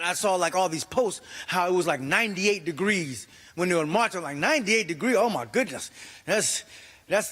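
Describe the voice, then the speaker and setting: A middle-aged man from New York doing a stand-up comedy set, animated and acting out his family in voices. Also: sits high, big-room sound.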